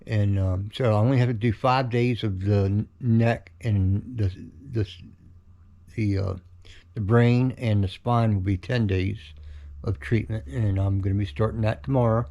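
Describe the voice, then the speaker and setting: Weary man with a dull mellow voice. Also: fairly low pitch, fairly even intonation. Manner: tired, halting, yawning often. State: very tired. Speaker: vlogger sharing his cancer journey. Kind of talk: casual home video update. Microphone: camera held in his own hand.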